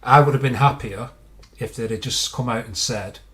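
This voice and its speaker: A man's voice: mid-range voice, normal speed, a bit bright. A man co-hosting a live stream, giving his views in a thoughtful, hesitant way. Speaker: co-host. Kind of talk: casual live commentary.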